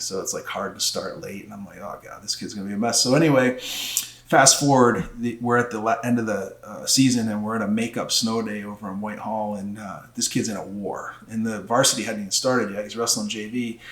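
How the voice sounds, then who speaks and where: Animated middle-aged man telling a story. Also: normal speed. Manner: animated storyteller, acts out quotes with rising pitch. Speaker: podcast guest, former wrestling coach. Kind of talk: storytelling in casual conversation. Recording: roomy echo.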